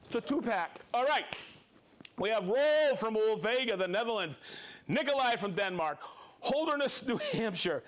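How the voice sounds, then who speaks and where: A man's voice: high voice, animated, normal speed, a bit bright. A man hosting a livestream, reading out viewer names and hometowns with upbeat cheering and chatty asides. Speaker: livestream host. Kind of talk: reading viewer shout-outs.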